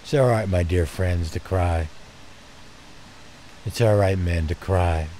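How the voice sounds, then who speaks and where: An older man telling personal stories in a gentle, heartfelt way, speaking to his listeners as dear friends. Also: low voice, takes it slowly, a little hiss or hum. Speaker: storyteller. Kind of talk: personal storytelling.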